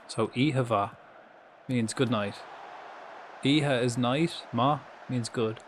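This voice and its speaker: A man's voice: medium pitch, slight background noise. A young Irish man chatting casually on his live stream, swearing freely and coaching viewers through pronunciations. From Ireland.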